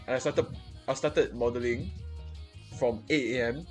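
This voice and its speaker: A young man rants in casual chat, swearing constantly and tripping over his own restarts. His voice sits at an ordinary mid pitch. Soft music plays faintly behind him. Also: steady tone, unhurried. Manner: profane, rambling venting with many restarts.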